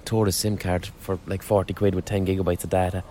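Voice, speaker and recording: Male podcast host, lowish voice, loose sweary street-corner monologue, faint city hum behind. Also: flat delivery, quick pace, dark tone. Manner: rambling, sweary, frequent restarts. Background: faint street ambience.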